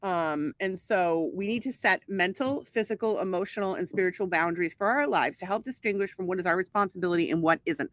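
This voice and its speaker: A woman's voice: fairly low pitch, fairly quick, hardly any pauses, no room sound. Profane, exasperated woman podcast host. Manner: profane, exasperated, many filler ums. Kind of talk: casual podcast chat. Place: outdoors at a home pool.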